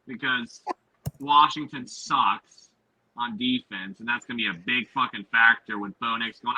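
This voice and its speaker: A young man co-hosting a sports podcast, ranting crudely and mockingly with big swings in pitch. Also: big pitch swings, normal speed, sharp tone, breathy edge, lo-fi sound. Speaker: podcast co-host. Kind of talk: profane comedic rant.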